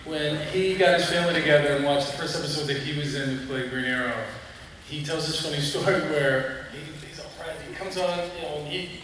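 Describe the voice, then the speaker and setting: A man's voice: fairly high pitch, fairly quick, a bit bright, slight background noise. A man on a convention panel, telling easygoing anecdotes. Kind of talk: panel storytelling. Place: large convention hall. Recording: echoey hall, distant mic, crowd.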